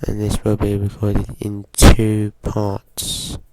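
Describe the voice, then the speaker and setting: A man with a groggy voice from a cold, giving slow, hesitant casual commentary while playing a driving game. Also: on the low side, monotone, heavy background noise. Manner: slow, hesitant, with frequent fillers. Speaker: gaming channel host.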